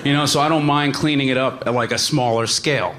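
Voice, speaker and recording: A young man doing stand-up with a deadpan, halting delivery full of small pauses. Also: medium pitch, background noise. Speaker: stand-up comedian. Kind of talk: stand-up routine.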